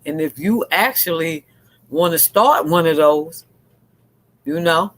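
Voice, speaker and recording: Earnest man, higher voice, candid chat. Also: slow, fairly bright tone, rough recording. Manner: earnest, candid, repeats and restarts a lot. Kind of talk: casual talk-show chat.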